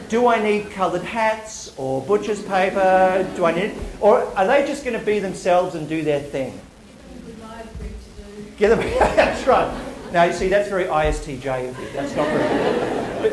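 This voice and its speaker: A man's voice: high-pitched, animated, moderate pace, a crowd in the background. A man giving a live university talk, playful and joking, firing off rhetorical questions at the audience. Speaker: public speaker. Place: university lecture hall. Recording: roomy hall echo.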